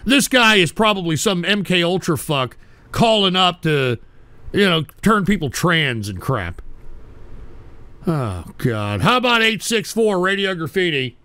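A man's voice: high-pitched, big pitch swings, a little slow, bright, forceful tone, dry recording. A man hosting a call-in show, ranting at callers with profane, insulting mockery. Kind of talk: abrasive call-in radio rant.

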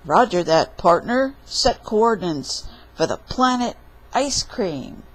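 A woman's voice: mid-range voice, sing-song, slow, a little hiss or hum. A woman voicing a goofy, easily flustered fox father in a storybook reading. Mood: playful. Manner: playful, then flustered.

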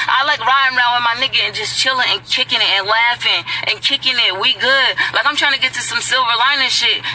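A woman in her thirties vents to her viewers from her car, her voice high and very bright. She talks in raw, profane, emphatic bursts, straight to camera on a phone, with a faint hiss behind her. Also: rough recording. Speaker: singer talking to her viewers. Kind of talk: emotional direct-to-camera vlog rant. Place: inside a parked car.

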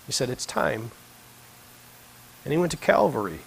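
A man preaching a sermon in a church, swinging between quiet conversational asides and impassioned, emphatic peaks. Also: mid-range voice, sing-song, moderate pace, creaky, slight background noise, low-quality recording. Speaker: pastor. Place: church sanctuary.

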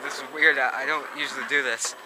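A man's voice: mid-range voice, fairly even intonation, fast. Breathless young man vlogging outdoors. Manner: chatty, breathless, narrating what he films. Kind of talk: casual handheld vlog. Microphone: handheld camera mic. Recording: loud noisy outdoor camera audio.

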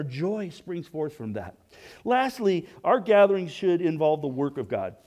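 Pastor guy preaching kinda casual, slightly high voice, lots of restarts and questions. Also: sing-song, a little slow. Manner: conversational preaching with frequent restarts and rhetorical questions; drops to a soft hush when voicing prayers. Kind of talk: sermon.

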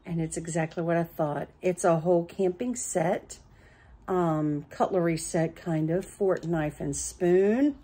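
A woman's voice: fairly low pitch, a little slow, husky. A chatty middle-aged woman showing off her thrift store finds in a casual home vlog, gushing over little items. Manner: chatty, excitable, gushes over small finds. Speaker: thrift haul vlogger.

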